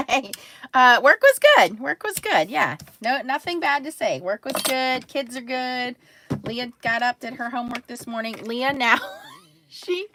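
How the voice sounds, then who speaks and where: A woman with a slightly high, somewhat bright voice hosts a card-making livestream, chatting casually, greeting viewers by name and laughing often. The recording is dry and studio quality.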